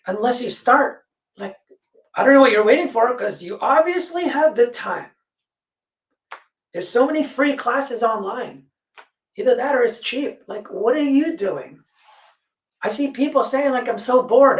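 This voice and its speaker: A woman in a casual discussion, telling stories bluntly and swearing freely. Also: a little high. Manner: blunt, profane, animated storytelling. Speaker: panel guest. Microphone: video call. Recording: echoey room, distant mic.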